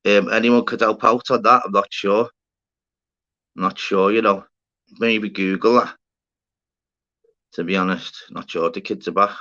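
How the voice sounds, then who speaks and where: A man's voice: fairly low pitch, fairly even intonation, unhurried, long pauses, sharp tone. A man hosting a casual livestream, rambling, swearing and bantering with viewers in the chat. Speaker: livestream host. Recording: dull lo-fi stream audio.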